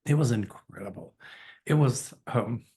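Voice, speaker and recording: A man's voice: medium pitch, a little slow, warm tone, breathy edge. A man hosting his own channel, earnestly and candidly retelling a personal story with open emotion. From Chicago area, US. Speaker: channel host, psychic.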